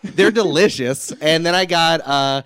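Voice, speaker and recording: A man in his thirties co-hosting a live podcast, telling stories in an excitable way. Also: on the high side, unhurried, clean tone. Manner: excitable, storytelling, laughing. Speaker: podcast co-host. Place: live show on stage.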